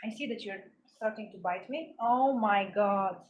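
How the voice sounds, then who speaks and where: A woman's voice: medium pitch, normal speed, highs cut off. A woman vlogging at home, chatting casually and cooing affectionately to her cat while she works. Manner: cooing, affectionate pet talk.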